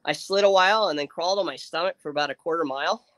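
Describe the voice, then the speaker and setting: Rapid-fire and fairly high-pitched, a man rambles through a long story on a livestream in casual chat. Fillers and restarts pile up as he animatedly acts out his friends' lines, all on a dry recording.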